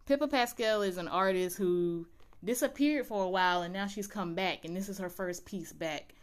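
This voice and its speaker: Animated woman recapping a show for viewers; smooth, resonant tone. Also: mid-range voice. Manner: animated, chatty storytelling. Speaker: TV recap vlogger. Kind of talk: casual episode recap.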